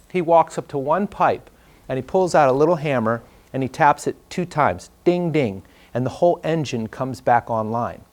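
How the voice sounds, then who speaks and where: A man, teaching a live class and telling a story in a relaxed, conversational way with fillers. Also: on the high side. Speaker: trainer. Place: training room before a class.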